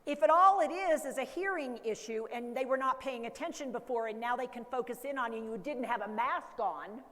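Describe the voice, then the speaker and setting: A woman educator walks a conference audience through a hands-on exercise, coaxing them along in a lively way. Her voice sits a bit high. The sound carries a long reverb from a large hall. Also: brisk. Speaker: dementia care educator. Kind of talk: conference workshop talk.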